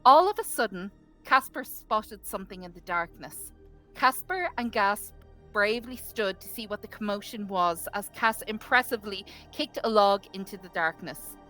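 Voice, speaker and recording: A woman's voice: medium pitch, moderate pace, soft background music, poor audio. A woman reading her character's adventure journal aloud to a tabletop group. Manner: nervous at first, then steady reading.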